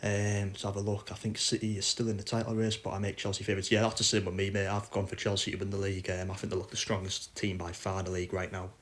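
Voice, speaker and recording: A man's voice: lowish voice, monotone, fast talker, few pauses, fairly bright tone. Frustrated man ranting. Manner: frustrated, blunt, swears. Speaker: football fan podcaster. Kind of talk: casual ranting chat.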